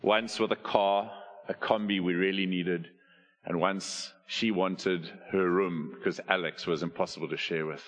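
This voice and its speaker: A middle-aged male pastor, preaching with a bright, forceful voice. He tells stories with animation and asks the congregation questions, and his voice carries a long reverb from a large hall. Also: sits low, steady tone, measured pace, highs cut off. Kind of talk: sermon.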